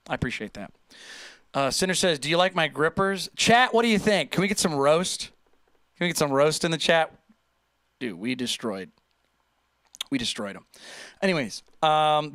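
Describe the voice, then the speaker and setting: Lively, animated male streamer. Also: a little high, no echo, studio quality. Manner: chatty, animated, reads chat aloud and jokes. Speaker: livestream host reacting to viewer posts. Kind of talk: casual livestream chat.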